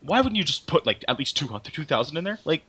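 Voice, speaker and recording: A man co-hosting a casual podcast, chiming in with quick agreeing remarks. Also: a little high, sing-song, pushed and bright, slightly rough. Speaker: podcast co-host.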